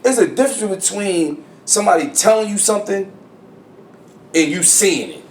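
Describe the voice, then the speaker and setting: A man co-hosting a podcast in casual chat, blunt and full of slang, getting loud and animated when he is worked up. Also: sits high, normal speed. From New Jersey. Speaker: podcast co-host. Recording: echoey room with faint ambient noise.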